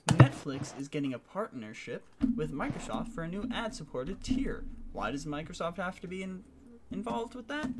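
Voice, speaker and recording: A man's voice: fairly high pitch, sing-song, normal speed, heavy background noise. A young man hosting a podcast, reading entertainment news in a crude, joking, rambling chat with friends. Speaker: podcast host.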